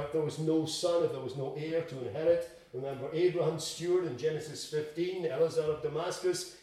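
A man preaching a sermon in a church, emphatic, swinging between loud and quiet to drive home his points. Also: a little high. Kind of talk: expository sermon. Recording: echoey room, distant mic.

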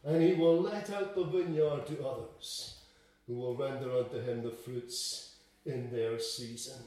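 A man preaching a sermon in a church, emphatic, swinging between loud and quiet to drive home his points. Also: medium pitch, a little slow. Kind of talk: expository sermon. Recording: echoey room, distant mic.

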